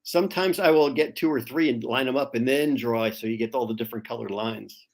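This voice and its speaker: A man's voice: mid-range voice, fairly quick, gravelly. A male co-host in a casual chat, agreeable and easygoing, mostly giving brief replies. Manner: agreeable, brief responses, easy laughter.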